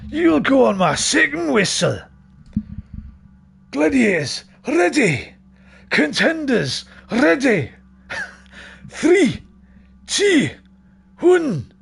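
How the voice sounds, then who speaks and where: A man's voice: very high voice, huge pitch swings, gravelly, a bit bright, husky, voice pushed up, full character voice. A man faking a barking Scottish referee. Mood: commanding. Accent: Scottish, badly imitated. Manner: slow, drawn-out barked commands. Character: stern Scottish male game-show referee.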